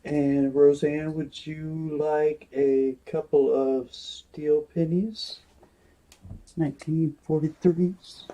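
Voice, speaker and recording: A man running a live-stream giveaway in casual chat, murmuring asides and breaking into bursts of excitement at results. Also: fairly high pitch, takes it slowly.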